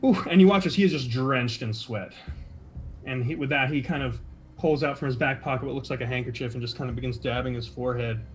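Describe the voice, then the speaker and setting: A man's voice: mid-range voice, fast, soft background music. Man narrating as a loose game master. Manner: loose, filler-heavy narration.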